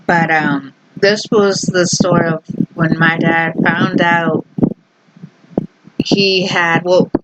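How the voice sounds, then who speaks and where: A woman's voice: lowish voice, steady tone, extremely slow, pauses often, heavy background noise. A young adult woman vlogger telling a family story in a casual, rambling, amused way.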